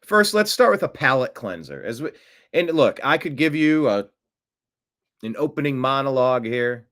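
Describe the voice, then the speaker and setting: Talking at normal speed, this US host of a one-man political commentary show riffs unscripted with sarcasm and energy. His pitch leaps upward whenever he makes a mocking aside.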